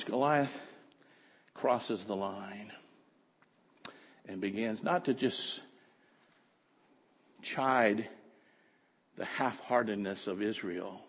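A man preaching a fervent sermon that swings from quiet talk to shouting. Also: on the low side, slow, pauses often, husky. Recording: echoey hall.

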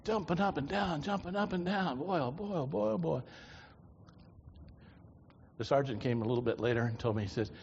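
A man preaching a sermon, telling a personal story in a folksy, animated way. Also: a little high, brisk, a little hiss or hum. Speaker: preacher giving testimony. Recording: lo-fi reverberant hall.

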